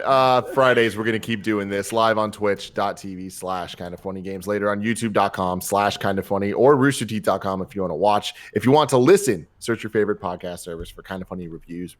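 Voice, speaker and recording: Upbeat host, low-voiced man. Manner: upbeat, gushing, runs show plugs. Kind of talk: casual podcast chat.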